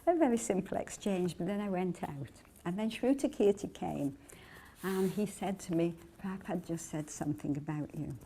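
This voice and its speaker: A woman's voice: fairly low pitch, normal speed, mellow, a little hiss or hum. A woman who is a devotee, telling a heartfelt personal memory in an interview and acting out the quotes in it.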